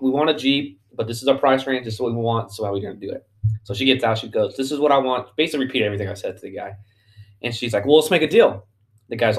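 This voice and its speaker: A man co-hosting a podcast, telling rambling stories in casual chat and laughing often; he coaches youth flag football. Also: medium pitch. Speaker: podcast co-host.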